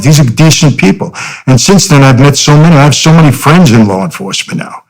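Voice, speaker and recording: A man's voice: a little high, lively intonation, fast, soft background music, poor audio. Earnest middle-aged man telling his story. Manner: earnest, frequent "you know" fillers. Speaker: podcast guest. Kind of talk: conversational storytelling.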